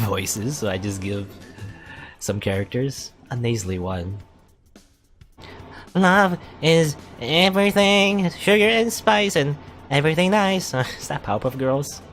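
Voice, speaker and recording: A young man playing a visual novel, reading its narration aloud and rambling between lines with stammers. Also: fairly low pitch. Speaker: let's play gamer.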